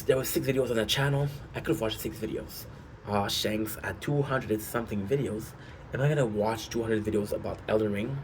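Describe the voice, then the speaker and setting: A gaming streamer with a lowish voice chats casually and rambles, tossing rhetorical questions at his chat. There is a little hiss or hum in the audio.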